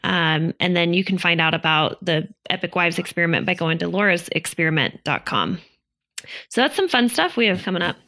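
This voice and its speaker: A woman's voice: lowish voice, animated, a little fast, bright, forceful tone. A woman in her thirties co-hosting a marriage podcast, talking in an earnest, casual advice-giving way with many fillers. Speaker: podcast co-host. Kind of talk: casual chat about relationships.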